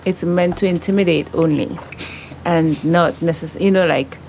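Female panelist, low gravelly voice, measured and hedging. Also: darkish tone, slight background noise. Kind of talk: casual discussion.

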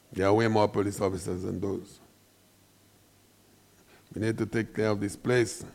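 A man with a Saint Lucian accent giving an impassioned, emphatic monologue as a commentator, preaching and rising into loud outbursts. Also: fairly low pitch, vocal fry.

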